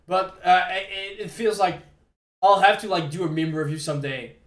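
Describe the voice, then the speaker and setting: A young man from Quebec with a Québécois French accent, chatting on a live stream, excitable and stammering, laughing often. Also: sits high, normal speed. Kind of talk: casual live-stream chat. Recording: echoey room with faint music.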